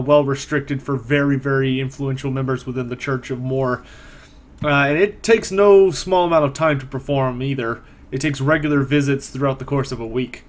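Game master man, narrating a tabletop game. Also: fairly high pitch.

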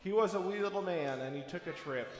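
A man leading a children's chapel service, playfully coaxing the kids with call-and-response, shouted cues and story. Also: sits high, quick pace, very noisy. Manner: playful, coaxing a young crowd, bursts of shouting and singing. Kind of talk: children's chapel talk with songs. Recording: echoey hall, long reverb.

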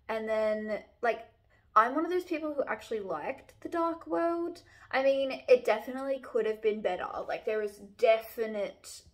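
Rambling young woman reviewing books. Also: on the high side. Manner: rambling, lots of fillers and restarts; relaxed, chatty. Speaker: book vlogger. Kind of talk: casual book review chat.

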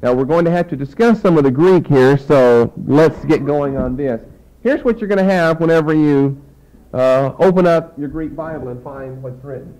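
A man's voice: on the high side, moderate pace, dark tone, poor audio. A man teaching a Bible lesson, explaining points emphatically and spelling out words letter by letter.

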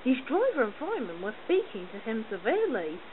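A woman reading a storybook aloud in an animated way, adding sound effects. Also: fairly high pitch, a little fast. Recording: tinny phone-like line, loud noise.

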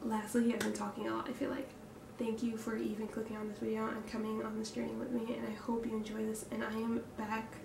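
A woman's voice: a little high, monotone, fast, creaky, few pauses. Young woman vlogging candidly in an echoey room. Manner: reflective and candid, with hesitant fillers and sighs. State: breathing hard from nerves. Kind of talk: personal confessional vlog. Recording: echoey room, distant mic, background noise.

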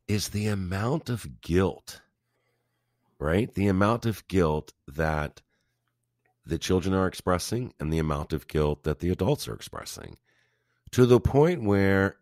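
A man co-hosting a podcast, chatting casually and telling stories with lively emphasis. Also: sits low, no room sound, studio quality. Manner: animated, emphatic storyteller. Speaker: podcast co-host. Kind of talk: casual conversational chat.

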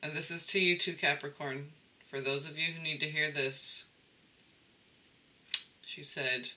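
Man, tarot reader, casual chat, rambling, keeps checking in, slightly high voice. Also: fairly even intonation, a little slow, pushed and bright, rough recording. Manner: rambling, checks in with "okay?" often.

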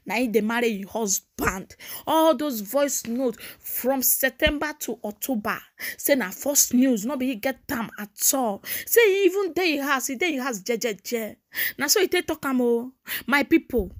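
A high-voiced Nigerian woman running a gossip show. She chats casually and mockingly, breaking into sing-song repeats as she retells the latest scandal. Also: lively intonation, moderate pace. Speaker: gossip channel host. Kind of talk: casual celebrity gossip commentary.

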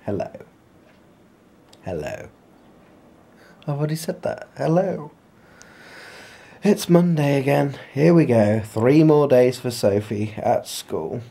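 A man's voice: moderate pace, creaky, hardly any pauses. A man chatting casually to camera as a family vlogger, rambling in a homely way at home, recorded on a handheld compact camera. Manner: chatty, rambling, homely; softer and lower on asides.

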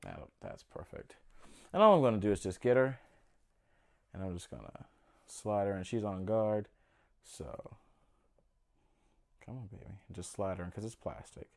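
A man's voice: lowish voice, sing-song, normal speed, creaky, pauses often. A young man casually narrating a home vlog as he handles his pets, chatty and a little nervous. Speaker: pet keeper vlogger.

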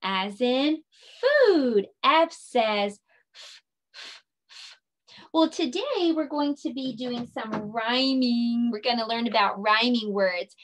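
A preschool teacher with a fairly high voice leads children's circle time. She speaks slowly and encouragingly in a sing-song manner, drawing her words out.

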